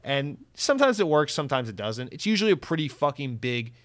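A man hosting a podcast, talking in a loose, rambling and profane way, with animated swings in his delivery. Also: fairly high pitch, quick pace, no echo. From Central Florida. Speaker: podcast host. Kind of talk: casual chat.

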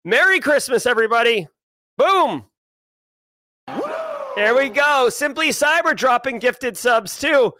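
High, bright Boston host. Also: male voice, unhurried, pauses often. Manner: energetic, rambling, self-joking. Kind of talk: casual live-stream chat.

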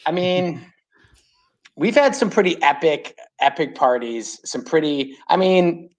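A man's voice: a little high, expressive, unhurried. A man from New York State, a fan club chapter president, chatting as a podcast guest and telling long, rambling stories full of "like". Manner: rambling storyteller, heavy use of "like". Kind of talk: casual podcast chat.

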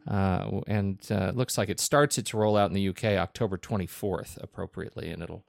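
Male podcast co-host raised in Colorado, gravelly low voice, halting casual talk, dry recording. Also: fairly even intonation, no room sound. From Colorado, United States. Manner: halting, many fillers and restarts, enthusiastic. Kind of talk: casual chat.

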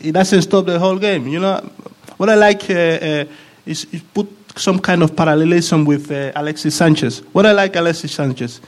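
A man's voice: a little high, normal speed, few pauses. A man, a former player of the club, talking as a guest in a casual panel chat, often repeating words as he searches for them.

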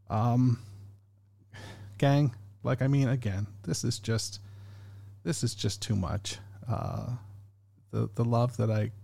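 Gravelly, chatty man hosting a podcast. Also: medium pitch, steady tone, slow pace, pauses often, mellow. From Canada. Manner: rambling, chatty, self-deprecating, many fillers. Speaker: podcast host. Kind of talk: casual solo podcast talk.

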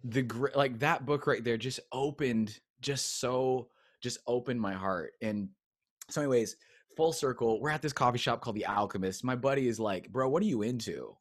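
A middle-aged American man, a coach appearing as a guest on an interview show, casually tells a personal story and acts out the voices of the people he quotes. His mid-range voice moves at normal speed, recorded cleanly in a studio with no echo.

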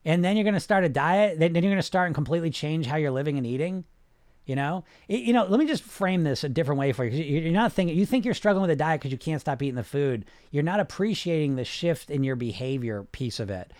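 A man coaching on weight loss in a casual live chat. He talks in a rambling, animated way with many restarts and "right?", then slows into calm relaxation cues. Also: fairly high pitch, no echo, studio quality.

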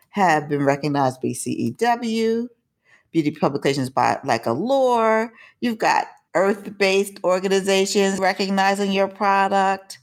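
A woman hosting an interview, encouraging her guest. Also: medium pitch. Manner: encouraging, affirming. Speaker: interviewer host. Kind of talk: casual interview conversation.

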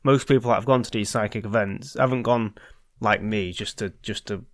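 A man's voice: on the low side, fairly even intonation, fairly quick, no room sound, studio quality. A man hosting a podcast, telling a story in a rambling, hesitant way with lots of ums and restarts, now and then swearing. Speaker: podcast host. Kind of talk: casual storytelling chat.

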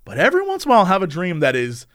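A man in casual conversation, recounting a strange recurring dream with lively delivery and frequent laughs. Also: high voice, racing. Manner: animated, acts out quoted voices, laughs often. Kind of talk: casual storytelling chat.

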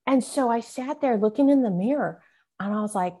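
A woman's voice: on the high side, a little fast, dark tone. A woman from San Francisco, a guest author, reading from her memoir and talking about it with earnest, vivid emotional emphasis. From San Francisco, USA. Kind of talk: memoir reading mixed with conversation.

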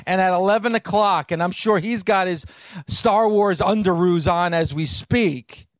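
A man's voice: high-pitched, a little slow, no room sound, studio quality. A male radio show host ribbing his co-host in bantering talk, exasperated and mocking.

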